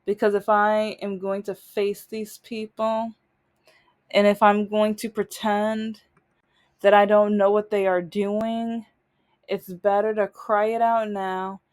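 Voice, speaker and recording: A woman's voice: mid-range voice, little pitch movement, slow, darkish tone. A young adult woman vlogging, telling a personal story in a rambling, emphatic way, often trailing off and restarting. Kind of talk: casual storytelling monologue.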